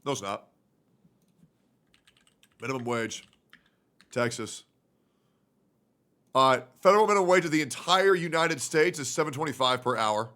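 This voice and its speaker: A man streaming live, reacting loudly and swearing as he talks to his chat and works things out aloud. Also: medium pitch, lively intonation, moderate pace, pauses often. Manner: loud, profane, thinks out loud and talks to chat. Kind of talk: casual livestream reaction.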